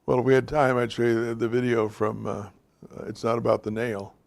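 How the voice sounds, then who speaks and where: Guy with a heavy gravelly rasp talking straight to a room of men, casual lesson vibe. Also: mid-range voice, flat delivery, fairly quick. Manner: direct, conversational, addresses the men as guys and fellas. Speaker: teacher of a men's class. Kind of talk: informal teaching talk.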